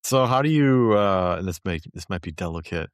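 A man's voice: sits low, expressive, a little fast, clear, resonant tone, no room sound, studio quality. A man from the United States interviewing a guest in a friendly, easygoing way. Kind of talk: casual interview questions.

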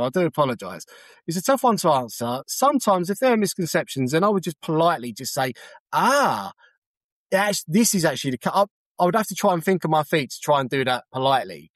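A man's voice: fairly high pitch, no echo. Chatty tour guide man. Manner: polite, chatty, explains with examples. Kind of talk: casual interview answers.

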